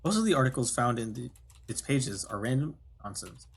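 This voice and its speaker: A man's voice: mid-range voice, very animated, brisk, vocal fry, slight background noise. A man streaming himself reading a visual novel aloud, casual, stopping to comment and correct himself.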